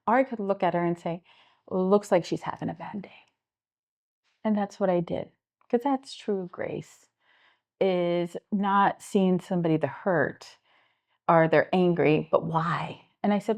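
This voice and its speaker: In an interview, a homeless services director tells her stories with earnest animation, voicing the people she quotes as she goes. She's middle-aged, has a Midwestern American accent, and speaks at a normal speed with a fairly low pitch.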